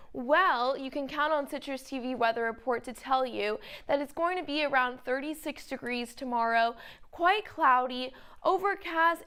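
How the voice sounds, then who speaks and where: A woman's voice: sits high, clean tone. A young woman giving a weather report on a student TV newscast in a breezy, conversational way.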